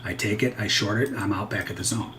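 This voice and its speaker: Casting: male pro trader, lowish voice, candid and digressive, thinking aloud over charts. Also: fast, bright, forceful tone, slight background noise. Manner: rambling, self-interrupting, candid. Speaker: futures trader. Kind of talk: live trading commentary.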